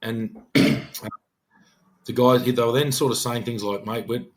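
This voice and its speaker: A man's voice: mid-range voice, steady tone, measured pace, heavy background noise. A middle-aged Australian police detective sergeant telling an emphatic, earnest story on a podcast, often acting out his own words.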